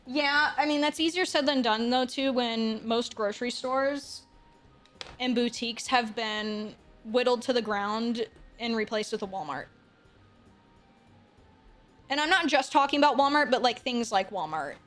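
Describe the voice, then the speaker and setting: A woman live streamer in casual chat, answering viewer comments in quick bursts. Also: a little high, soft background music. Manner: soft baby talk to her dog.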